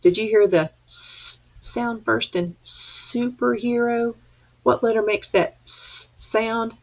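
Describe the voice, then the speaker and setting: A woman teacher leading a reading lesson for young children, patient and encouraging, sounding out letters slowly. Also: fairly high pitch, steady tone, vocal fry, muffled recording. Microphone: webcam or computer mic.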